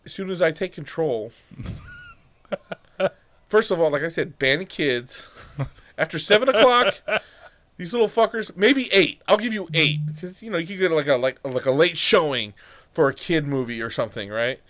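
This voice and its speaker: A man's voice: on the high side, wildly swooping pitch, normal speed, long pauses, fairly bright tone. A man co-hosting a podcast, ranting heatedly and profanely in casual chat. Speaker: podcast co-host.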